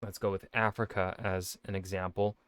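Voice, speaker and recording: A man's voice: deep voice, little pitch movement, moderate pace, a bit bright, clean tone, dry recording. A man, an author, reacting to a video in casual commentary, thinking aloud with many fillers and restarts.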